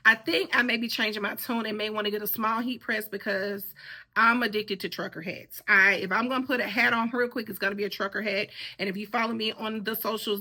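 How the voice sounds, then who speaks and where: A woman, hoarse with a worn-out voice, chatting casually to the camera in a rambling way full of asides. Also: medium pitch, bright, forceful tone. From Birmingham, Alabama. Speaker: sewing vlogger.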